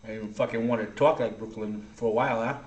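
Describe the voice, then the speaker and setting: A man's voice: on the low side, fairly even intonation, fast talker, reverberant. A man in his thirties co-hosting a casual podcast, telling stories with lots of swearing and laughter. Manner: profane, laughing storyteller. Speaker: podcast co-host. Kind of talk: casual chat.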